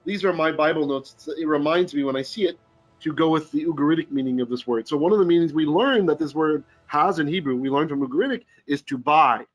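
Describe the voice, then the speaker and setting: A man teaching a Torah lesson in an animated, jokey way, often checking in with his listeners. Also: on the high side, fast talker, faint music behind. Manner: animated, jokey teaching with frequent "right?" asides. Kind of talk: live-streamed Bible lesson. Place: Philippines.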